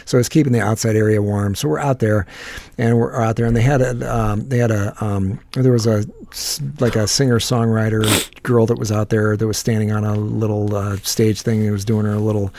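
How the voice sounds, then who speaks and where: A man telling a casual story full of restarts and repeated words, with swearing and animated quotes. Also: fairly low pitch, normal speed, slight background noise. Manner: profane and animated when quoting people.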